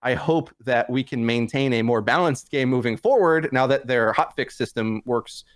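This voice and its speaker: A man in a casual podcast chat about a video game. He rambles, restarts sentences and fills pauses with fillers. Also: mid-range voice. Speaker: podcast guest. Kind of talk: casual gaming discussion.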